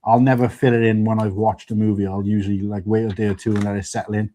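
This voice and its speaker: A man's voice: fairly low pitch, flat delivery, quick pace, warm tone. Chatty rambling man hosting a stream. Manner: rambling, chatty, laughs often. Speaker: stream host. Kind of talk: casual chat.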